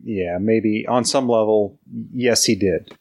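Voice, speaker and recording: A man co-hosting a book discussion podcast, talking in a slow, halting way with many fillers, then reading a passage. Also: lowish voice, a little mellow. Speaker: book club podcast co-host. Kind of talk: casual chat, reading a quote aloud.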